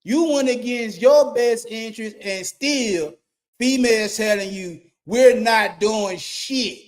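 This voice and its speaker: A middle-aged man, a YouTube commentator giving a blunt, profane rant and repeating his points for emphasis. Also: high-pitched. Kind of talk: ranting monologue.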